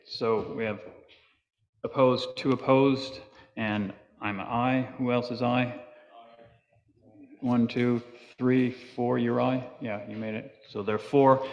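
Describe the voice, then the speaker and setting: Board chair, man, mid pitch, halting procedural delivery, echoey dull meeting-room recording. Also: little pitch movement. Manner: procedural, thinks aloud with fillers. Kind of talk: public meeting discussion. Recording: echoey hall, dull lo-fi sound.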